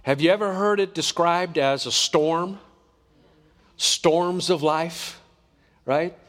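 A man's voice: on the high side, slow, a bit bright. Earnest preacher man in a reverberant hall. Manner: earnest, conversational preaching with rhetorical questions. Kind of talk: sermon.

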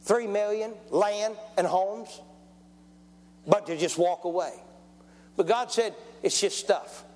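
A man's voice: sits high, takes it slowly, pauses often, darkish tone. A man, preaching a testimony sermon in a folksy storytelling way and calling for amens. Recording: long church hall reverb.

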